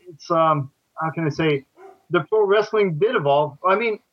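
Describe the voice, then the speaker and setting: A man who teaches catch wrestling, a guest chatting casually, talking in a halting way with many fillers and repeated starts. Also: on the high side, no room sound, lo-fi sound. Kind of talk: casual podcast chat.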